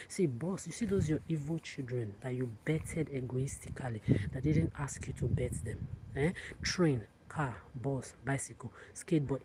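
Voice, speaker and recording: A woman, hosting a livestream in a defiant, profane, repetitive rant. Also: very deep voice. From Africa. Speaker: livestream host. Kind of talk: angry livestream monologue. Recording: loud background noise.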